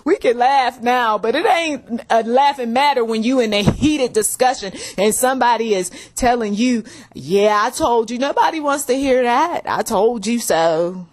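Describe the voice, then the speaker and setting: A woman's voice: on the high side, moderate pace, few pauses. A woman hosting a faith-based talk about relationships, chatting casually, laughing often and acting out both sides of arguments. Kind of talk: casual spoken commentary with acted quotes.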